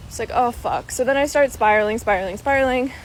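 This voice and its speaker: Pregnant young woman vlogger, swears casually, voice a touch high, faint street noise behind. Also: fast, rough recording. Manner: chatty, expressive, swears casually. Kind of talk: casual storytime vlog.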